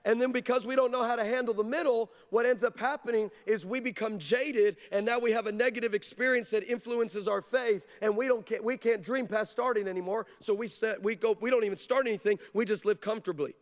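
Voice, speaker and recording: High-voiced preacher in a reverberant hall. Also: male voice, steady tone, a little fast, few pauses. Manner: storytelling preacher, emphatic, with humor. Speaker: pastor. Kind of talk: sermon. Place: large church.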